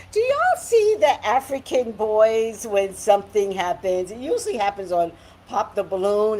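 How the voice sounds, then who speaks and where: A woman psychic chatting on a live stream, greeting viewers by name and giving her blunt, animated opinions. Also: mid-range voice, unhurried, slight background noise, low-quality recording.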